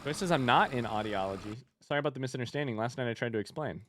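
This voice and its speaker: A man's voice: medium pitch, very fast, fairly bright tone, dry recording. A young man with an Indiana accent, casually thinking aloud and chatting with viewers while streaming a game. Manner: thinks aloud, reads chat, chatty and easygoing. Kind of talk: casual live-stream chat while gaming.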